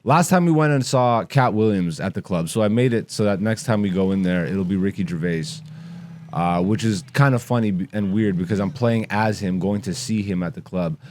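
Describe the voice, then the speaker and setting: A man in his thirties, a comedian hosting his podcast, chatting casually and rambling in a relaxed, self-deprecating way. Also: lowish voice, brisk, a little hiss or hum. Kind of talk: casual podcast chat over gameplay.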